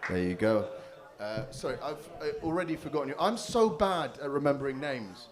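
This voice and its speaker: Brisk and expressive, this mid-range male voice belongs to the host of a live comedy show. On a handheld stage mic in front of an audience at a comedy venue, he does crowd work, teasing people with crude and cheeky banter.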